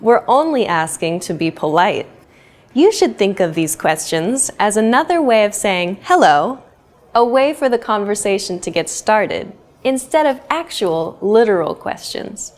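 Slow, lively woman teaching English phrases. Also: mid-range voice. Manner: slow, clear, repeats each phrase for learners. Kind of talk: scripted language lesson.

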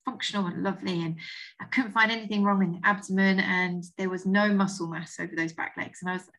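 A woman's voice: medium pitch, steady tone, fast, a bit bright, poor audio. A woman in her forties with an Essex accent, a vet talking through a story in a chatty, emotional way on a podcast. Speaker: guest vet. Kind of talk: podcast interview.

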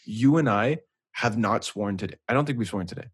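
Podcast co-host, male, husky, excitable and teasing in loose banter. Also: on the low side, fairly quick.

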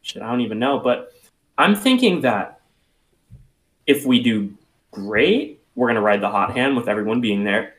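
A man's voice: mid-range voice, expressive, normal speed, pauses often, fairly bright tone, a little hiss or hum. A man co-hosting a casual sports podcast who gives candid opinions and swears casually. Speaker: podcast co-host.

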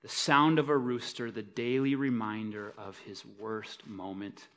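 A man's voice: fairly even intonation, measured pace, slight background noise. Dynamic male preacher. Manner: dynamic, swinging between loud emphasis and soft low asides. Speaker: pastor. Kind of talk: sermon. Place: church service.

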